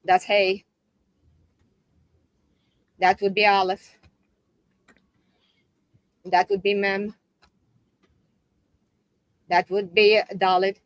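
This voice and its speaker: A woman's voice: medium pitch, level tone, very slow, pauses often, dry recording, muffled recording. Russian-accented woman, hesitant student. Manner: hesitant, asks questions, laughs easily. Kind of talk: live online language lesson. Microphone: video call.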